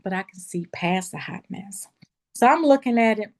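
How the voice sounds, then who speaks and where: A woman who owns a beauty school tells a personal story in a lively, casual way, talking straight to her listeners and acting out what people said. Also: mid-range voice, moderate pace. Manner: lively, acts out quoted dialogue in a raised voice; casual, addresses listeners as y'all.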